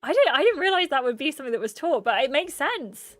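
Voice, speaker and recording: A woman's voice: high voice, very animated, quick pace, no echo, faint music behind. An English woman streaming casually, chatting with her viewers in a rambling way and laughing often. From England. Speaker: streamer reading chat. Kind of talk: casual livestream chat.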